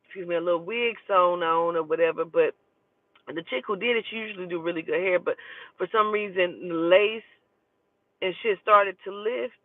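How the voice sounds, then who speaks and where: A woman telling a personal story in a casual, profane and animated way. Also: fairly low pitch, moderate pace, dry recording. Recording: tinny phone-like dry recording.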